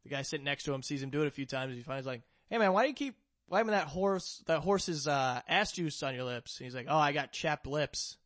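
A man with a bright, forceful voice that sits a little high, telling a meandering joke in casual banter and laughing at his own slips. The sound is dry and close, with no room around it. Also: animated, quick pace, no room sound. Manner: rambling joke-teller, laughs often. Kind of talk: casual chat.

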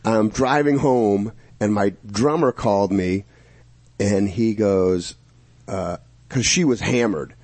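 A man telling a long profane story in casual chat among friends, animated and swearing freely. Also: fairly low pitch, takes it slowly.

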